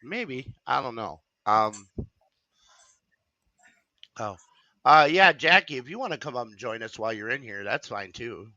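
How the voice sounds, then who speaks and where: A man's voice: mid-range voice, animated, measured pace, long pauses, bright, forceful tone, no echo, highs cut off. A man hosting a casual stream chat, rambling with lots of fillers and restarts. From Wisconsin. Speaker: stream host.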